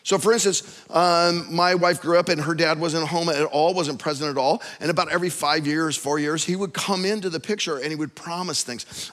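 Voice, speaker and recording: A man preaching a sermon with personal stories, telling them in an animated way and acting out the voices of the people in them. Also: a little high, normal speed, hardly any pauses. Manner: animated storytelling, acts out quoted voices. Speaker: pastor. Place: church auditorium. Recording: long hall reverb.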